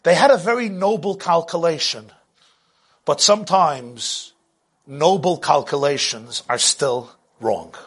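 A man giving a sermon as a religious teacher, animated, swinging from hushed asides to loud bursts and laughing at his own jokes. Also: on the high side, a little slow, breathy edge.

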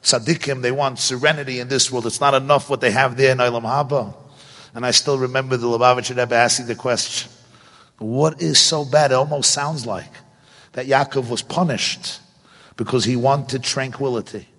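A man delivering a sermon-style Torah class, animated and pressing his point with rhetorical questions. His voice sits in a middle register, and a long reverb trails each phrase through the hall. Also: mid-range voice, a little fast. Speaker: Torah teacher.

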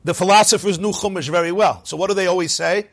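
A man teaching a lively Torah class, asking rhetorical questions and chuckling at his own points. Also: sits high, fast, no echo.

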